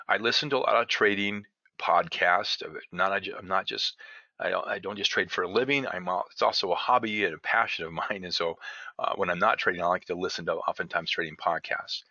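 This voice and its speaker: Deep voiced guy with a really sharp edge running a trading webinar, dull lo-fi sound. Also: no room sound. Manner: conversational, poses rhetorical questions to the audience. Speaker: day trading instructor. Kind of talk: live webinar lesson.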